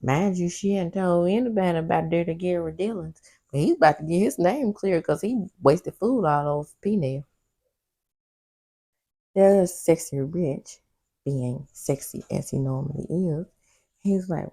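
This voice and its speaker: A woman's voice: fairly low pitch, unhurried, creaky, dark tone. A woman doing a casual TV recap vlog, sassy and talking back at the characters, with personal side stories. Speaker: TV recap host.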